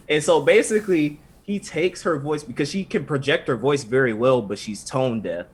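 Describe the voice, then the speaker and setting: A man's voice: medium pitch, normal speed, few pauses, breathy edge. A man co-hosting a casual podcast, retelling an episode in a loose, joking way and acting out the characters' lines. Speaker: podcast co-host. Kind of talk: casual anime recap chat.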